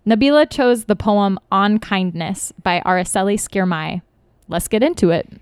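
A woman hosting a podcast gives a brisk, upbeat scripted introduction. Her voice is smooth and clear. The studio sound is dry. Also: mid-range voice, no room sound. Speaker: podcast host.

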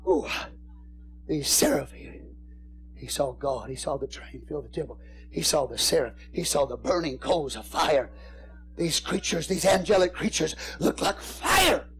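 A man preaching a sermon as a pastor, repeating phrases and swinging from hushed whispers to shouted crescendos. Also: a little high, moderate pace, slightly rough.

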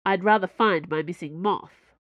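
A woman's voice: fairly low pitch, normal speed, dry recording, muffled recording, close to an everyday voice. A woman voicing an impatient, furious woman special agent who talks through gritted teeth. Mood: angry.

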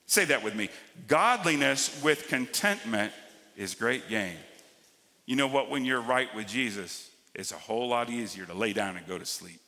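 A man preaching a sermon as pastor, swinging between loud emphatic lines and quiet drawn-out ones. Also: medium pitch, expressive, long reverb tail.

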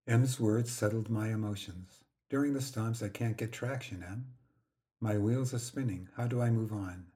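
An older man hosting a podcast, telling a personal story in the first person, quietly and gently. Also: lowish voice, moderate pace. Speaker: podcast host.

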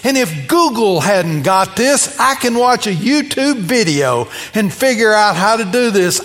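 A man preaching a sermon, animated as he tells a story, acting out the people in it. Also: high voice, measured pace, few pauses, long reverb tail. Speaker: pastor.

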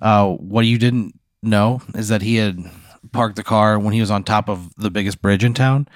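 A man with a lowish voice improvises a rambling, absurd tale in casual conversation and keeps laughing at his own story. The sound is dry and close, with no room around it. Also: fairly even intonation, moderate pace, no echo. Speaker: podcast host.

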